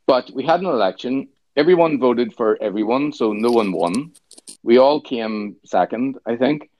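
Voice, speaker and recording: A man with a Northern Irish accent chatting on a podcast, joking in a sardonic, deadpan way. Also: mid-range voice, normal speed. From Northern Ireland. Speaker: podcast host. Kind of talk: casual chat. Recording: dry, slightly dull sound.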